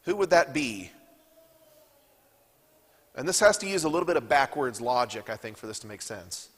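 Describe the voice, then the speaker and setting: A man's voice: medium pitch, animated, normal speed, fairly bright tone, long reverb tail. Man teaching a Bible class. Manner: reads scripture aloud and asks the class questions. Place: church classroom.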